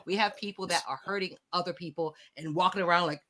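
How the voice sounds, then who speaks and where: A woman author and college professor, a guest in an interview, telling stories in a lively way and acting out the voices of other people. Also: on the low side, fast talker, a little hiss or hum. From outside the United States. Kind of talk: animated interview conversation. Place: home, video call.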